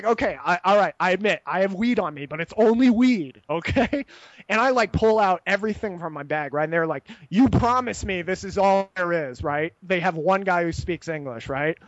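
A high-voiced man rambles through a long story, swearing freely and ending his lines with "right?". He acts out the other people in the story. The sound is dry and a little muffled. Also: expressive, normal speed, dry recording. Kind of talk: casual anecdote telling.

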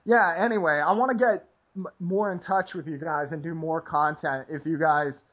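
A man's voice: fairly high pitch, steady tone, moderate pace, husky, dull audio. A man hosting a poker podcast, rambling casually with lots of "like" and restarts. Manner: rambling, heavy use of "like" and restarts.

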